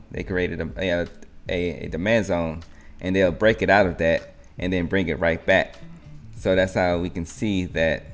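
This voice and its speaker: A man hosting a live trading stream, narrating market moves in a rambling, think-aloud way. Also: sits low.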